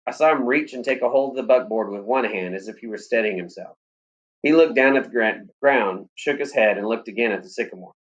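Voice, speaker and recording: A man reading a story aloud in steady, plain audiobook narration. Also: mid-range voice, fairly quick, lo-fi sound.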